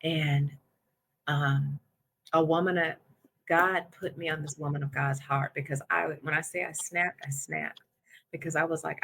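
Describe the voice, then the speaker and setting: Woman guest, intense storyteller, gravelly and sharp-toned. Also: sits low, fairly even intonation, unhurried. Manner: intense, emotional retelling. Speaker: podcast guest. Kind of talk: personal storytelling.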